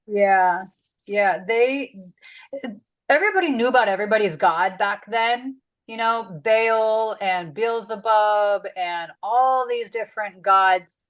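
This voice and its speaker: A woman teaches a relaxed Bible study in a chatty, slangy way, sprinkling fillers as she explains. Her voice sits at an ordinary middle pitch for a woman. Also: takes it slowly, rough recording.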